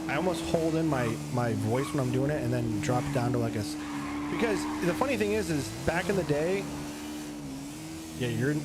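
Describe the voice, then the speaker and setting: A man with a medium-pitched voice streams a roleplay game, giving casual gameplay commentary as he rambles and talks to himself while playing. Heavy background noise sits under the audio.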